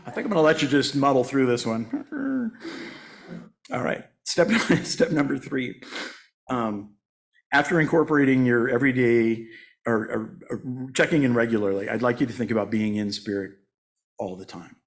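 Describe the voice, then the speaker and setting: A man's voice: mid-range voice, expressive, moderate pace. Chatty joking preacher man in his sixties. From United States. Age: 60s. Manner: joking, self-mocking, laughs often. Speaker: guest speaker at a church service. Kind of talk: conversational sermon. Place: church sanctuary.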